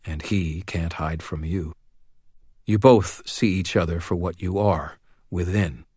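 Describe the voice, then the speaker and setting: A man narrating a first-person fantasy audiobook in a measured, wry delivery. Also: low voice, no echo, studio quality.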